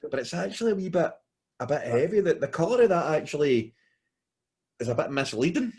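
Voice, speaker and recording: A man's voice: fairly high pitch, sing-song, a little fast, a little mellow, slightly rough. A Glaswegian man talks through a beer tasting at an easy, conversational pace. He is laid-back and friendly in manner, using "mate" and "aye" constantly. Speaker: podcast co-host. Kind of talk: casual beer review chat.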